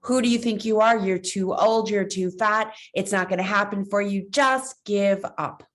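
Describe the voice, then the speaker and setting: A woman's voice: medium pitch, moderate pace, natural voice. A woman voicing a nasty, taunting inner-critic hand puppet that belittles the listener. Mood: scornful.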